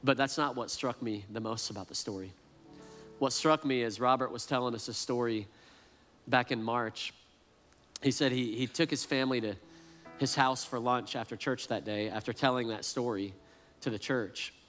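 A man's voice: mid-range voice, normal speed, a bit bright, faint music behind. A man preaching a sermon as pastor, earnest and often repeating words as he restarts a thought. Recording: long reverb, as in a large hall.

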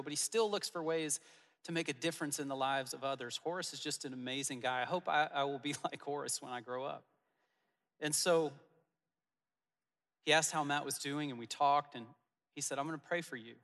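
A man preaching as a pastor, telling personal stories in an earnest way with soft asides. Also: on the high side, long reverb tail. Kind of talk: sermon. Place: church auditorium.

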